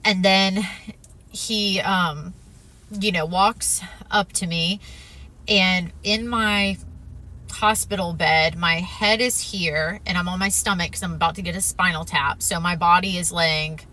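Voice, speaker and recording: A woman telling a personal spiritual testimony in an earnest, emphatic way, often pausing with "um" and "if you will". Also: lowish voice, steady tone, sharp tone. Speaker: storyteller sharing a near-death experience.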